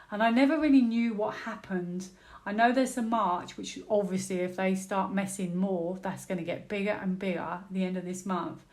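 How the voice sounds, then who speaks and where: British lady reading tarot cards, muses out loud, lots of oh my goodness, mid pitch voice. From United Kingdom. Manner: musing, exclaims and repeats words while turning cards. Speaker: tarot reader. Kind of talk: live tarot reading, thinking aloud.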